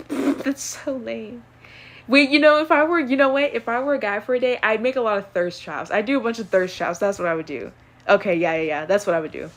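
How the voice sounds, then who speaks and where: A young woman casually answering would-you-rather questions on her own channel, chatty and animated, with plenty of fillers. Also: mid-range voice, fast talker. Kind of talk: casual chat.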